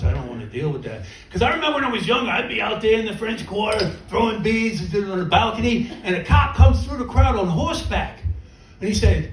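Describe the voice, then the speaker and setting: A man's voice: high voice, slight background noise. A middle-aged man doing a stand-up comedy set, rambling and self-mocking. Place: comedy club stage. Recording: roomy club from a distance with crowd laughter.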